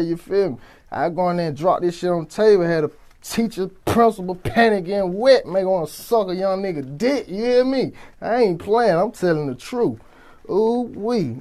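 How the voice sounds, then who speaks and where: A man's voice: sits high, dark tone. A young man telling a boastful, profane street story in a swaggering, brash way. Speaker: interviewee in a played clip.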